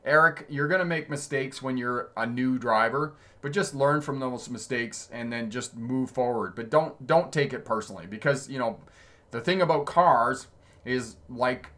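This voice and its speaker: A man's voice: mid-range voice, normal speed, sharp tone. Chatty man laughing through his stories. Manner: chatty, laughs often mid-sentence. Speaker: driving instructor and channel host. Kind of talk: casual livestream storytelling, answering chat comments.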